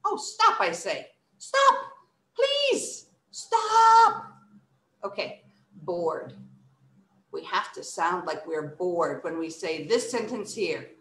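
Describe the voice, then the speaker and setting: A woman in her thirties teaching children an online poetry reciting lesson, acting out emotions with her voice. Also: fairly high pitch. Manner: animated, acts out emotions with her voice. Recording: echoey room.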